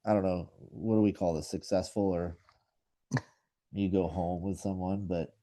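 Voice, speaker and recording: A man's voice: deep voice, fairly even intonation, normal speed, mellow. A man in his thirties co-hosting a podcast, telling stories in a laid-back way with lots of fillers. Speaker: podcast co-host. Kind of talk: casual chat.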